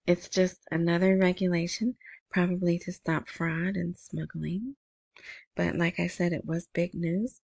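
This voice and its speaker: Her voice sits lowish, gravelly and a little mellow with a breathy edge, and her intonation stays fairly even at a measured pace. There's no echo as this woman hosts a currency news show. Chatty in manner, she reads headlines and then comments on the articles with casual asides.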